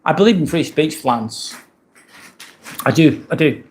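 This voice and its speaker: A man's voice: on the high side, a little slow. A British man hosting a casual live stream, chatting loosely and thanking viewers as he reads their comments. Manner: relaxed, rambling, thanks viewers often.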